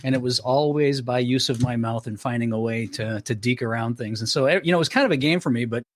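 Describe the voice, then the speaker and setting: A middle-aged man with a South Florida accent tells his story as a podcast guest, in a mid-pitched voice. He talks animatedly, acts out conversations, and often restarts his sentences. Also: fast. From Canada, raised in Florida. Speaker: podcast guest, sales trainer. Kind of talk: casual interview storytelling.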